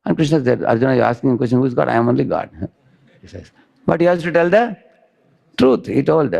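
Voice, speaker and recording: A man's voice: mid-range voice, lively intonation, fast talker, creaky, darkish tone, highs cut off. A man teaching a devotional class, explaining with stories and often checking in with "huh?". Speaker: spiritual teacher.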